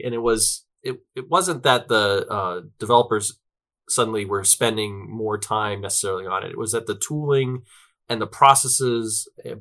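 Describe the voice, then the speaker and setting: A man's voice: mid-range voice, pushed and bright. A man talking as an interview guest, chatty and loose, tagging his points with "right?" and plenty of fillers. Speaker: guest, tech company representative. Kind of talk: conversational interview answers.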